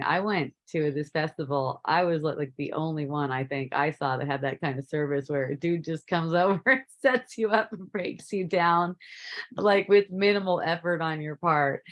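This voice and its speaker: Woman telling a story casually, lowish voice. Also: rough recording. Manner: laughs often, relaxed and rambling. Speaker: spiritual teacher.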